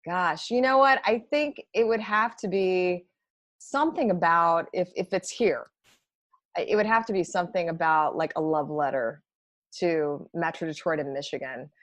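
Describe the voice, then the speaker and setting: Woman, lowish voice, enthusiastic interview guest, dry close sound. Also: normal speed, no echo. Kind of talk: casual interview chat.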